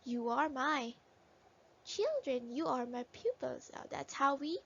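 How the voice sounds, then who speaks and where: A woman's voice: high voice, very animated, a little slow, gravelly. A woman teacher patiently sounding out letters and words in a phonics lesson for young children. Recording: dull lo-fi recording.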